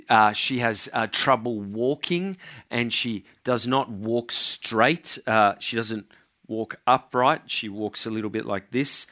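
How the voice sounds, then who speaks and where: A man preaching a sermon, telling healing stories slowly and earnestly, with frequent hesitations. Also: medium pitch, pushed and bright. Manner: slow, earnest storytelling with many uh fillers. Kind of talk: sermon testimony.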